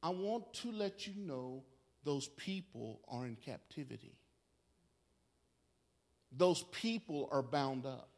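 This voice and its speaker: A man preaching a sermon, telling a story and quoting both sides of a talk, dropping low and soft, then rising loud and urgent. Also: lively intonation, slow pace, long pauses.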